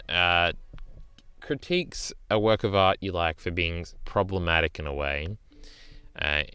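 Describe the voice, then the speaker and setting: A man's voice: low voice, bright, forceful tone, clean tone, no room sound. A man streaming casual reaction commentary on an article, rambling and swearing, with many fillers and "right?" tags. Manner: rambling, profane, lots of "uh" and "right?".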